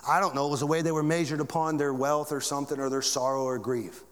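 A male pastor preaching a sermon to his church, with big swings in pitch and volume. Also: fairly even intonation, fast talker, fairly bright tone, in a large hall.

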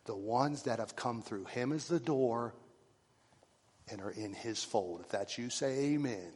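A man preaching a sermon to his congregation, swinging from loud rising calls to hushed, whispered lines. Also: mid-range voice, a little slow, breathy edge. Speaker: pastor. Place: church sanctuary. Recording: long reverb of a church hall.

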